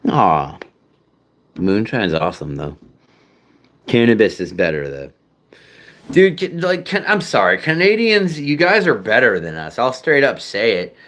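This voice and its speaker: A man's voice: on the low side, big pitch swings, measured pace, long pauses, fairly bright tone. Rambling profane man chatting casually. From United States. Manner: rambling, profane, self-deprecating, many fillers. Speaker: streamer chatting with viewers.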